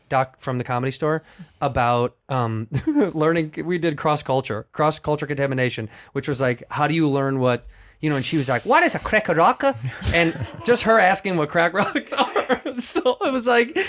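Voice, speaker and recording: A male comedian guest in casual podcast chat, telling stories animatedly with lots of laughter and swearing. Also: fairly high pitch. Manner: animated, laughing storyteller, profane.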